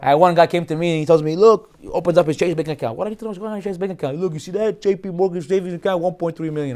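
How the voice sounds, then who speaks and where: Rabbi, man, high voice; lively, jokey Torah class. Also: fast, few pauses. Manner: animated, jokey, acts out quoted voices.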